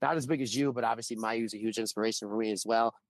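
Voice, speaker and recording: A married man co-hosting a podcast, telling a long anecdote in casual chat and acting out the quotes with animated swings in voice. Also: fairly low pitch, fast, no room sound. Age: adult, married. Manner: animated storytelling with acted-out quotes. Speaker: podcast co-host.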